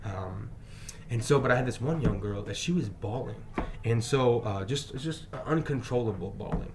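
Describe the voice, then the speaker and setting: A male teacher telling a personal story in an emphatic way, moving between loud bursts and quiet asides. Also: mid-range voice, expressive, normal speed, background noise. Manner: frequent fillers and restarts.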